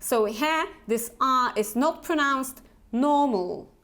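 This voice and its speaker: Slow, high-voiced woman teaching pronunciation. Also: a bit bright. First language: Polish. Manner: slow, deliberate, repeats words for learners to echo. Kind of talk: online pronunciation lesson.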